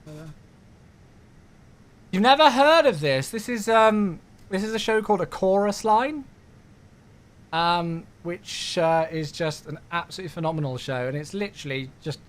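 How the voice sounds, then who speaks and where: A man's voice: sits high, expressive, moderate pace. Chatty streamer guy. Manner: chatty, thanks viewers by name, hums along to music. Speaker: flight sim streamer. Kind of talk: casual live-stream chat.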